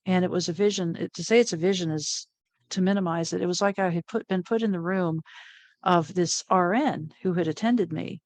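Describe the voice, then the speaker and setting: A middle-aged woman, an interview guest, telling a personal story in a lively way, often laughing and acting out what people said. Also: on the low side, fairly quick, dry recording. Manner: animated, laughs often, acts out quoted lines.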